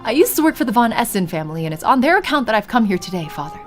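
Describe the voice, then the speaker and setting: A woman's voice: on the high side, sing-song, racing, faint music behind. A woman voicing a polite, slightly nervous young woman in a visual novel read aloud on stream.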